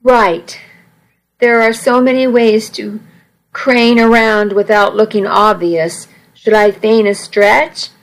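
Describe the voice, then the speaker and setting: A woman's voice: mid-range voice, steady tone, slow pace, rough recording. A woman reading a first-person story aloud in a wry, conversational way. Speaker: audiobook narrator.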